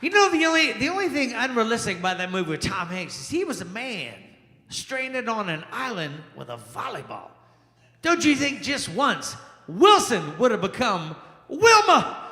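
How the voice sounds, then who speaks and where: Lively stand-up comedian in an echoey lounge. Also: male voice, sits high. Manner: animated, crowd-work banter with quick asides. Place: small jazz lounge, live audience. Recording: echoey room with long reverb.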